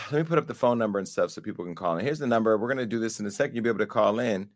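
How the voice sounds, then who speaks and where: A man hosting a call-in talk show, joking and animated as he chats and laughs often. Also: on the low side, rapid-fire. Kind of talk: casual chat.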